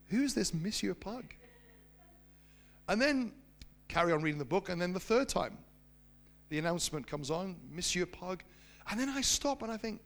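Guy preaching, telling a story, pretty high voice, lots of ups and downs. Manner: animated storyteller, slowing down for emphasis. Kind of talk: sermon storytelling.

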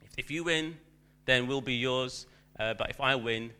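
A man's voice: mid-range voice, moderate pace, bright, forceful tone, smooth, natural voice. A man voicing a boastful giant warrior who taunts and bargains with his enemies. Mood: taunting.

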